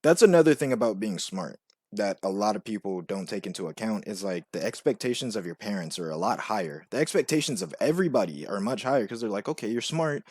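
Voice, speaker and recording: A young man telling a rambling personal story, full of "like" and "you know", now and then acting out quoted voices much higher. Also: expressive, fast talker, darkish tone, breathy edge, no echo, clean studio sound. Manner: rambling, filler-heavy with frequent "like" and "you know". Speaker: vlogger. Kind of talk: casual storytelling monologue.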